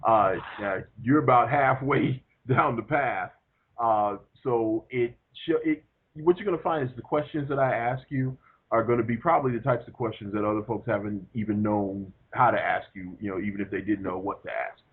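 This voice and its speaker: Husky male coach on a phone line. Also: medium pitch, moderate pace. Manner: reassuring, easygoing, hesitant fillers. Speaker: career coach. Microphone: telephone.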